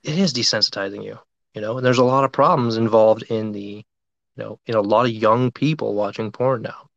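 A man's voice: on the low side, a little fast, creaky, fairly bright tone, no echo. A man co-hosting a podcast in casual chat, blunt and opinionated, often cutting in. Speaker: podcast co-host. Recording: dull lo-fi sound.

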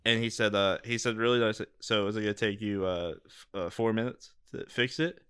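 A man's voice: lowish voice, fairly even intonation, a little fast, a bit bright, smooth. A young man co-hosting a podcast, telling stories in a rambling, laughing way in casual chat. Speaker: podcast co-host.

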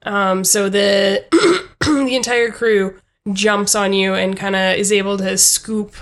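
A woman's voice: medium pitch, flat delivery, takes it slowly. A young adult woman narrating a comedy tabletop game as game master, hesitant with many ums. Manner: hesitant, lots of ums, laughs easily.

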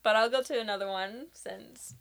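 A woman's voice: medium pitch, normal speed, creaky, a bit bright. A woman hosting a casual podcast chat, asking questions and reacting briefly, often with a laugh. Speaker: podcast host.

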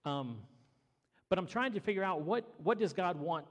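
A man earnestly sharing a personal testimony at a gathering, speaking into a handheld mic with halting restarts. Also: high-pitched, animated, long reverb tail.

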